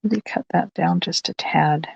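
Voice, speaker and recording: Chatty Canadian woman with a gravelly voice. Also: deep voice, a little slow, no room sound, highs cut off. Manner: chatty, talks through each step while working. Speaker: crafting channel host. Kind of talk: casual crafting tutorial narration.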